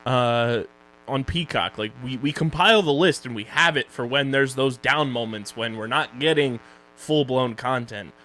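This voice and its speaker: A man with a Philadelphia accent co-hosting a casual podcast, joking and running quickly through plugs and sponsor reads. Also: medium pitch, bright, forceful tone, poor audio. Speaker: podcast co-host.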